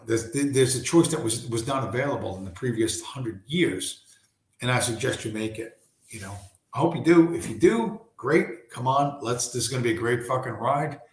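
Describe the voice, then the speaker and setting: A man hosting a casual late-night livestream from home, hoarse and losing his voice, talking in a rambling, profane way full of restarts. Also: lowish voice, reverberant. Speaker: livestream host.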